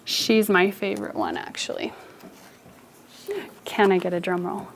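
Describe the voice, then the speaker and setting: A woman's voice: lowish voice, very animated, a little slow, background noise. A young woman teacher giving a playful, story-style phonics lesson to children in a classroom. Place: classroom with kids.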